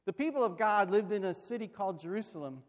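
A pastor with a high-pitched male voice quickly tells a story in his sermon, animatedly voicing the people in it. The audio echoes with long reverb from a large church hall.

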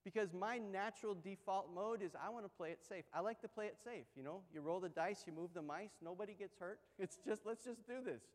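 Male pastor, high tenor, animated conversational sermon, long hall reverb. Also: brisk, few pauses. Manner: conversational, animated storytelling with acted-out quotes.

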